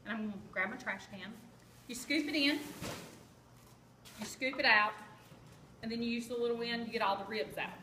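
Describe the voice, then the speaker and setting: A woman's voice: a little high, normal speed, long pauses, bright, forceful tone. A woman giving a chatty, joking live cooking demonstration and quizzing her audience. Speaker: kitchen product demonstrator. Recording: echoey room with background noise.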